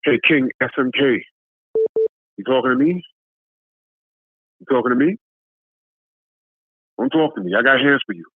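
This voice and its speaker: A man's voice: mid-range voice, animated, moderate pace, pauses often, slightly rough, no room sound. A tired man calling in, delivering an aggressive, repetitive, profane trash-talk rant. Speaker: caller. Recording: tinny phone line, dry.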